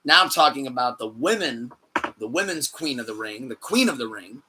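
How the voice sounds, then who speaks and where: A man hosting a podcast in casual chat, excitable and swearing, laughing often. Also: mid-range voice, fairly quick, noisy background. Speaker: podcast host.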